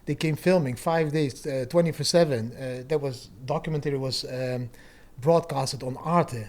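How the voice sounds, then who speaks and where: A middle-aged man telling stories in a casual podcast chat, animated, laughing often and swearing freely. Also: mid-range voice, normal speed. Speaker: guest.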